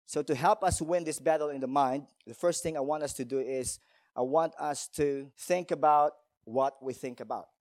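A man's voice: a little high, moderate pace, a little mellow, dry recording, clean studio sound. A male pastor preaching a sermon in a church, emphatic, telling stories and asking rhetorical questions.

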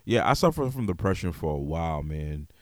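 Deep-voiced man hosting a podcast. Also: brisk, no echo, clean studio sound. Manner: relaxed and open, heavy on "yo", "um" and "you know what I mean". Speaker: podcast host. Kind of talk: casual podcast chat.

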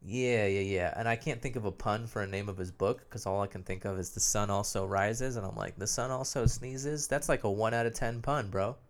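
A young man with a somewhat low voice talks alone into his podcast mic, sounding nasal and phlegmy from a sore throat. He rambles in a loose, self-mocking way and swears freely. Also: fairly quick, hardly any pauses. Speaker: podcast host. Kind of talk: rambling solo podcast chat.

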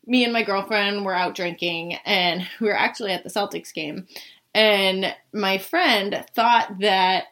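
A woman's voice: mid-range voice, a little slow, fairly bright tone. A young woman from the Boston area telling a personal story in a casual, chatty way, saying "like" constantly and swearing now and then.

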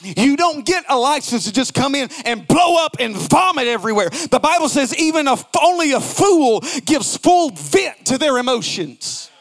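A pastor preaches a sermon in a notably high voice at a moderate pace, very animated throughout. He builds to loud, shouting emphasis, then drops into quiet, low asides, and acts out quoted lines in mocking little voices.

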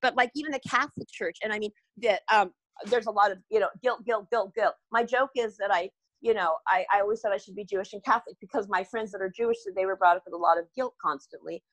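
A woman's voice: medium pitch, quick pace, a bit bright, dry recording, rough recording. An older woman talking earnestly as a podcast guest, rambling and restarting her sentences as she speaks. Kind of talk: candid podcast conversation.

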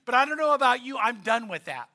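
Bright, high-voiced male pastor. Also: sing-song, quick pace. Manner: conversational, joking, repeats key lines. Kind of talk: sermon.

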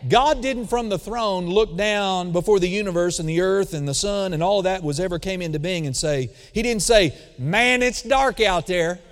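A male preacher delivers a sermon in a fairly high voice that swings from booming, drawn-out emphasis down to soft, intimate asides. He keeps calling out to the congregation for an amen or a hallelujah. His voice carries a long reverb from a large church hall. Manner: calls for audience response.

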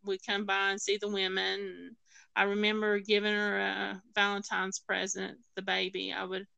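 A woman's voice: mid-range voice, monotone, normal speed, gravelly, bright, forceful tone, smooth, no echo, lo-fi sound. A woman telling a personal story as a guest, acting out the voices of others and using many fillers and restarts. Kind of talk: personal testimony in conversation.

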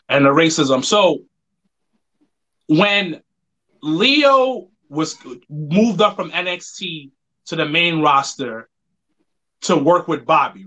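A man with a bright, forward voice co-hosts a casual podcast. He tells stories, restarting his sentences quickly as he goes. His pitch sits a bit high. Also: poor audio. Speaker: podcast co-host. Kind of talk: casual chat.

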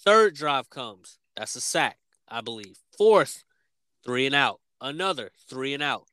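A man's voice: mid-range voice, expressive, a little slow, sharp tone, no echo, poor audio. A young man co-hosting a podcast, ranting emphatically and swearing in frustration about his team's season. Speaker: podcast co-host. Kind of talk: heated sports rant.

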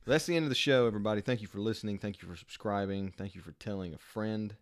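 A man's voice: on the low side, fast talker. A man co-hosting a podcast in casual, profane, joking chat. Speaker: podcast co-host.

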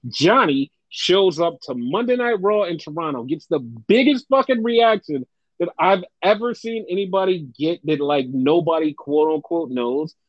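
A man's voice: a little high, lively intonation, normal speed, no echo. A young man co-hosting a casual podcast, talking animatedly, swearing often and mimicking fans in exaggerated voices. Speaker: podcast co-host. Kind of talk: casual wrestling podcast chat. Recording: dry, slightly dull podcast mic.

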